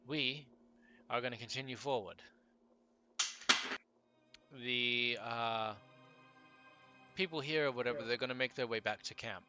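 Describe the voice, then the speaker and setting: A man narrating as game master of a tabletop game, relaxed and halting, with many fillers. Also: medium pitch, muffled recording, music in the background.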